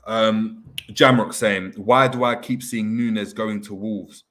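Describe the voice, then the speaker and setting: A man's voice: lowish voice, steady tone, fairly bright tone. Slangy London man hosting a stream. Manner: slangy, fast-talking, reads viewer comments aloud. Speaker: host. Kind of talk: casual live-stream chat.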